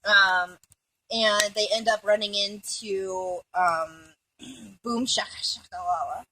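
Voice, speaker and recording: A woman's voice: medium pitch, steady tone, slow, sharp tone, slight background noise, rough recording. A woman casually recapping a movie among friends, rambling and profane, giggling and jumping off into asides.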